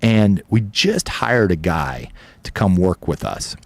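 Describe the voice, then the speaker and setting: A business co-owner guesting on a podcast interview tells a long, rambling story casually, with the odd swear word. He has a low, gravelly voice and is very animated but slow-paced, and the recording is dry.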